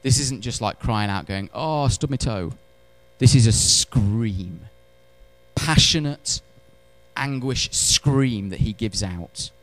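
A man preaching a sermon in church, animated, swinging between loud emphatic lines and hushed ones, with wry humorous asides. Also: lowish voice, slow pace. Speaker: pastor.

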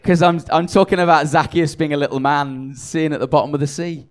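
A man's voice: on the high side, fairly even intonation, fairly quick. A tired man preaching a conversational sermon, self-deprecating and chatty, often restarting his sentences.

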